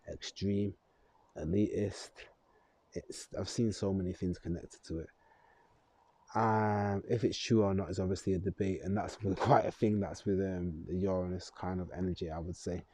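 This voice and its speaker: A man's voice: deep voice, fairly even intonation, moderate pace, mellow, breathy edge. A man in a loose, rambling astrology vlog, chuckling and correcting himself as he goes. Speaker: astrology vlogger. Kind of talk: casual astrology talk to camera.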